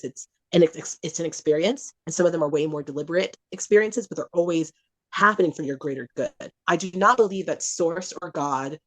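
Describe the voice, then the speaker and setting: A woman as a podcast guest, talking casually and animatedly, sometimes acting out voices. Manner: animated, acts out voices in high pitch. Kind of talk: casual spiritual chat.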